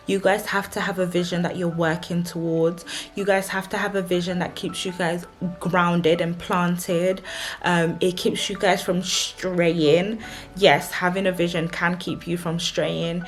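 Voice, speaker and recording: Young woman, lowish voice, chatty and emphatic, giving marriage tips over faint music. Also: flat delivery, measured pace. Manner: chatty, emphatic, repeats warnings. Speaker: married vlogger giving relationship advice. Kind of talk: casual advice talk to camera.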